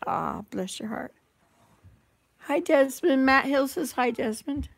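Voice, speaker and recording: A woman's voice: sits high, expressive, takes it slowly, vocal fry. An older woman hosting a live-stream chat at home on a phone, rambling and chatty as she reads viewer comments. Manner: rambling, chatty, with frequent restarts. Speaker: vlogger host.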